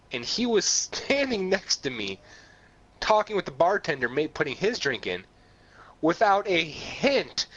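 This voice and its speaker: A man co-hosting a pop-culture podcast, telling a story with a lively, swooping voice and frequent laughter. His pitch sits a little high, and the recording sounds dull and lo-fi. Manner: animated storyteller, laughs often, does voices in quotes. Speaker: podcast co-host. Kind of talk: casual chat.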